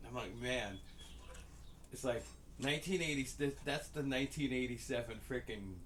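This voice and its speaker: A man co-hosting a podcast tells casual, rambling stories packed with swearing, acting out the dialogue he quotes. His mid-range voice is brisk and fairly bright, with slight background noise.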